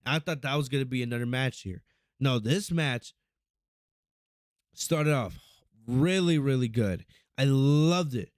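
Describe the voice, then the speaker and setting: A man hosting a casual review podcast, talking in an excitable, profane, rambling way with frequent restarts. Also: mid-range voice, measured pace, long pauses, no room sound, clean studio sound. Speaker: podcast host.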